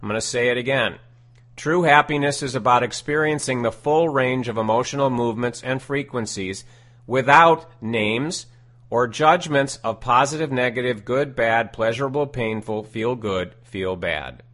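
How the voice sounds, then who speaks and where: Guy reading out a self-help talk, slow and emphatic, keeps repeating his key lines. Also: mid-range voice, a bit bright. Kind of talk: scripted spoken teaching.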